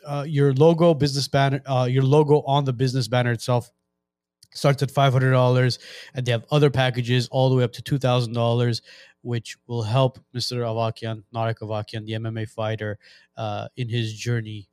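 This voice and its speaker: A man's voice: medium pitch, level tone, moderate pace, a little mellow, dry recording. A man hosting a podcast, upbeat and casual, making announcements with frequent "uh" fillers. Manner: upbeat, with many "uh" fillers while reading announcements. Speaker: podcast host.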